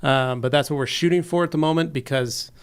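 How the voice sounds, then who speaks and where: A man's voice: fairly high pitch, fairly quick, clear, resonant tone. Easygoing male podcast co-host. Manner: easygoing, reads out viewer comments. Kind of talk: casual chat.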